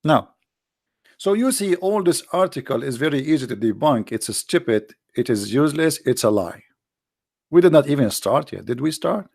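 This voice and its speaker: Sarcastic and mocking, an Arabic-accented host from the Arab world delivers casual commentary and slips into impressions. His medium-pitched voice is creaky and darkish, captured in a clean studio with no room sound.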